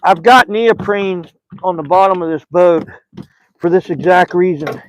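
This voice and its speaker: This older fishing channel host, Southern American in accent, rambles folksily through a live stream from a small lake boat, talking to the fish as well as his audience. His voice is high, unhurried, and a little mellow, captured on a phone in a rough recording with a slight hiss or hum.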